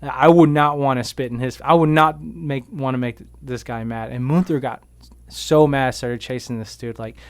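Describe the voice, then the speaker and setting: A man who is a veteran activist, casually retelling events in a radio interview, with many fillers and animated bursts. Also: medium pitch, moderate pace, clear, resonant tone, dry recording. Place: radio studio.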